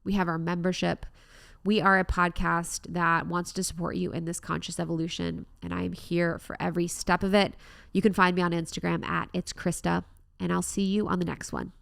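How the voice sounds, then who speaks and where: A woman's voice: fairly low pitch, level tone, fairly quick, vocal fry, a bit bright, no room sound. A young woman hosting a solo self-help podcast, talking in an earnest, reflective way. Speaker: podcast host.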